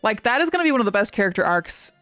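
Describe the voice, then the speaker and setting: A woman streamer reacting to a game on a live stream, chatting casually and gushing excitedly, her talk full of "like" fillers. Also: a little high, racing, no room sound, faint music behind, some chatter behind.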